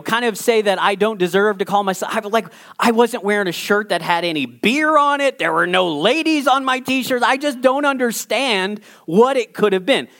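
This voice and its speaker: A man's voice: sits high, fairly bright tone. A pastor in his forties telling a humorous story during a church sermon, acting out his own reactions. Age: 40s. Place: church service.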